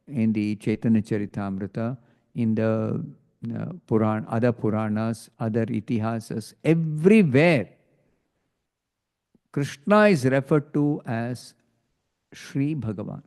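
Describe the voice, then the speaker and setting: Slow-speaking man lecturing in a hall. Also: medium pitch, vocal fry, a little mellow. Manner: slow, deliberate explaining with checking "hmm?" pauses. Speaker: teacher of scripture. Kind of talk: scripture class lecture. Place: temple hall. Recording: long hall reverb.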